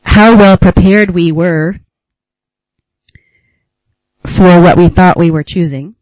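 A man from the United States, teaches at a retreat in a reflective, unhurried way, pausing to muse and laughing softly. His voice sits a bit high for a man. It is recorded close and dry, with a slightly dull, lo-fi quality. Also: no echo. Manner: unhurried and musing, with gentle laughs and pauses. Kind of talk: reflective dharma talk.

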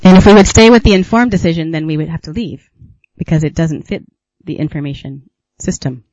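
A man giving a reflective talk as a retreat teacher, musing unhurriedly with gentle laughs and pauses. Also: a little high, no room sound, lo-fi sound. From United States.

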